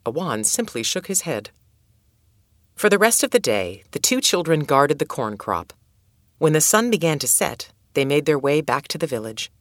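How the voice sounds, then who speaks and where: A woman with a low voice reads a children's story in a calm, measured way. Her tone still rises and falls with the tale, and the sound is close and dry. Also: dry recording. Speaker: narrator. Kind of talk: storybook reading.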